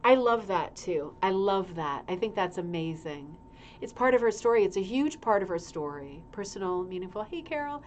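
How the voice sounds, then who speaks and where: A middle-aged woman talks casually on a livestream at a medium pitch, reading passages from a magazine and breaking off with chatty asides. A faint hum of background noise sits under her voice. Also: expressive, moderate pace. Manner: chatty, reads aloud with asides and laughs. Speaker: show host reading a magazine. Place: indoor room with a humming heater.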